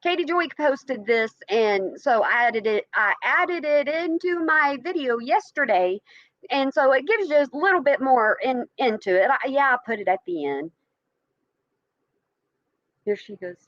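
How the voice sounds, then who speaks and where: High-voiced chatty woman reacting to a stream. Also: animated, a little slow, fairly bright tone, no echo, highs cut off. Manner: chatty, repeats herself, laughs often, talks to viewers. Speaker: reaction channel host. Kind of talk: casual reaction commentary.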